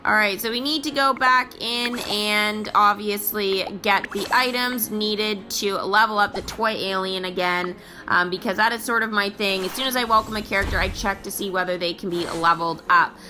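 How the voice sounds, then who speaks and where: A woman hosting a mobile game video, giving bubbly, excitable, chatty gameplay commentary. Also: medium pitch, moderate pace, hardly any pauses, over music.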